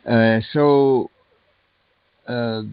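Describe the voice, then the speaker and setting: An older man speaking haltingly on a group call, pausing and clearing his throat often. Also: mid-range voice, fairly even intonation, no room sound. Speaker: call participant. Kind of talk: casual discussion on a conference call. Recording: dull lo-fi call audio.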